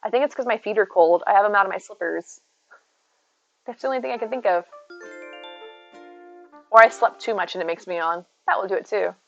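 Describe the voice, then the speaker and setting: A woman's voice: medium pitch, fairly quick, creaky, long pauses, a bit bright, lo-fi sound, faint music behind. A woman streaming from home, chatting casually and rambling to her viewers, reading and answering their messages by name. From United States. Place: home, indoors.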